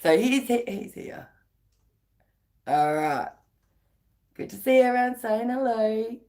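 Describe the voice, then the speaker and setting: A woman's voice: fairly high pitch, lively intonation, a little slow, warm tone. A woman with an Australian accent hosting a casual live stream, chatting freely, laughing often and greeting viewers by name.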